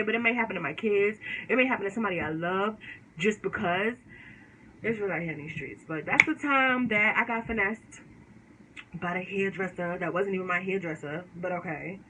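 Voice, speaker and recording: Woman vlogger spilling a story, bright sharp voice, slangy and lively, faint hiss behind. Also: medium pitch, rough recording. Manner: slangy, animated, talks straight to viewers. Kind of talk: casual storytelling to camera.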